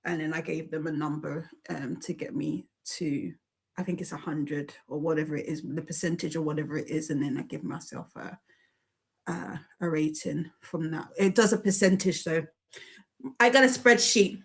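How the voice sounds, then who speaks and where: Relaxed woman co-host. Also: low voice, moderate pace, gravelly, breathy edge. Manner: relaxed, rambling, self-correcting. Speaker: co-host of a reading sprint stream. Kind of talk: casual chat.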